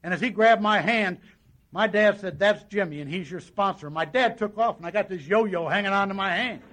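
A man with a notably high-pitched voice speaks to a meeting audience as he shares his own recovery story. He tells it in a folksy, conversational way and keeps acting out the dialogue of the people in it. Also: moderate pace, fairly bright tone. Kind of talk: personal testimony to an audience.

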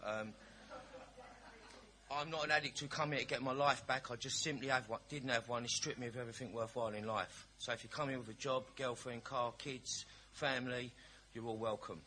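A man's voice: mid-range voice, fairly even intonation, brisk, pushed and bright, slight background noise. A man giving a frank, humorous personal testimony at a recovery meeting. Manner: candid, storytelling, cheeky humour.

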